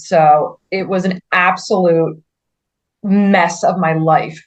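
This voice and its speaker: An earnest woman guest tells her own story in a conversational podcast interview, her voice sitting a little low. She speaks haltingly, often stopping to restart a sentence and leaning on "like" as she goes. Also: steady tone.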